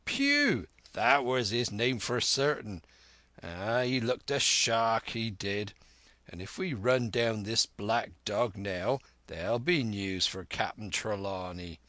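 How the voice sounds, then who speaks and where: A man's voice: on the low side, slow, sharp tone, no room sound. Long John Silver, salty old sea cook read by a man. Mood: blustering. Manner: salty sailor slang, bluff and wheedling. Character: cunning one-legged old male sea cook, blustering. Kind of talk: audiobook character reading.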